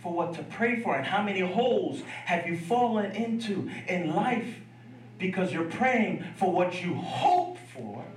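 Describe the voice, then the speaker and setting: A man's voice: sits high, lively intonation, unhurried, reverberant, distant mic, rough recording. A man preaching a sermon in a church, telling a story with humor and laughing asides. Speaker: pastor. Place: church sanctuary.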